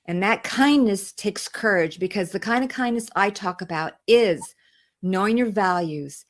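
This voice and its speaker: A woman's voice: mid-range voice, a little slow. Earnest woman telling her story. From outside the United States. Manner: earnest, repeats phrases for emphasis. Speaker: interview guest. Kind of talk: emotional personal testimony.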